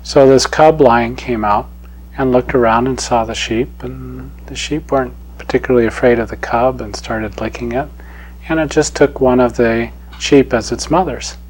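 A man giving a spiritual talk as a teacher, telling a parable in an unhurried, gently chuckling way. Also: medium pitch, fairly even intonation, a little hiss or hum, rough recording.

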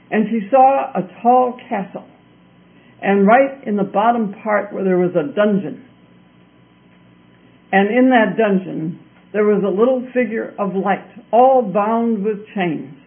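A man telling a fairy tale in a deliberate way, with a lot of repetition. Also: high-pitched. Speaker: storyteller. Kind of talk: told fairy-tale narration. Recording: tinny phone-like recording.

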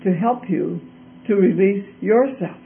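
A man voicing a wise old mentor who speaks slowly, softly and in a measured way. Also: high voice, gravelly. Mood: gentle. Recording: tinny phone-like recording.

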